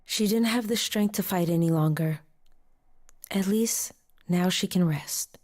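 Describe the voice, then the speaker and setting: Venus, a grieving goddess. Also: female voice, lowish voice, a little slow, a little mellow. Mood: sorrowful. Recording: game audio with faint music beneath.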